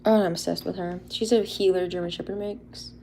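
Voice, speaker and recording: A woman's voice: fairly low pitch, fairly even intonation, fairly quick, gravelly, warm tone, slight background noise. A young woman, chatting casually and a little shyly on a livestream, laughing often as she shows handmade toy figures. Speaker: livestream host showing custom toy figures.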